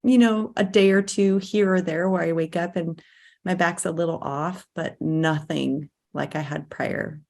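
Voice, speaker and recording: A middle-aged woman with a notably low speaking voice shares a personal story in a relaxed interview. She talks casually and easily, slipping into the voices of people she quotes. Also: a little slow, gravelly. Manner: personal storytelling, acts out quoted voices, laughs between phrases. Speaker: guest, nurse and life coach.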